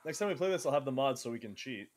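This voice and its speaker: A man's voice: medium pitch, lively intonation, rapid-fire. A man hosting a casual gaming stream, laughing often and swearing casually as he chats. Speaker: streamer host.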